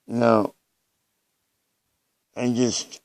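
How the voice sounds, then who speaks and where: An earnest man speaks in a personal video message, halting and often starting his thoughts over. His voice is smooth and clear at a middle pitch, and it sounds close and dry. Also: flat delivery, dry recording. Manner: earnest, halting, with frequent restarts.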